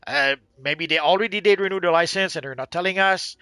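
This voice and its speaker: A man's voice: high-pitched, a little fast, pushed and bright, dry recording. A man co-hosting a game livestream, chatting casually and rambling, hedging with lots of uhs and restarts.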